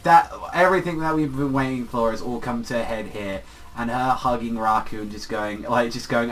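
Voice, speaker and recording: In this casual spoken video review, a young man raves about a manga chapter in a mid-range, fairly bright voice with fairly even intonation and a moderate pace. Fillers and free-flowing swearing run through his rambling. The mic is distant, and soft music plays behind him.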